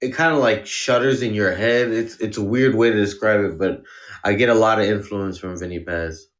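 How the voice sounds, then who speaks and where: A man's voice: fairly low pitch, fairly even intonation, normal speed. A man who is a guest rapper, chatting casually in a laid-back, slangy way and swearing freely. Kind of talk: casual interview chat.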